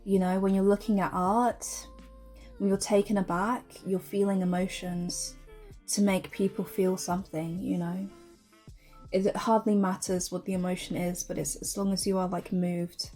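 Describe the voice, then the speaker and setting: A woman's voice: mid-range voice, flat delivery, normal speed, mellow, faint music behind. Gushing young woman reviewing fashion. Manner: gushing, many fillers. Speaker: fashion vlogger. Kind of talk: casual chatty commentary.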